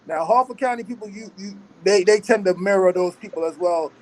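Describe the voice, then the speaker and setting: A man's voice: high voice, fairly quick, a little mellow, a little hiss or hum, low-quality recording. A man hosting a podcast in casual chat, rambling and repeating himself as he restarts his points. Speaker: podcast host.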